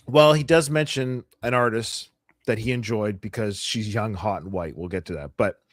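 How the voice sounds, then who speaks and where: A man's voice: fairly low pitch, moderate pace, no room sound, clean studio sound. A man hosting a podcast, mocking the clips he plays and laughing often. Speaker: podcast host. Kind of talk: casual commentary chat.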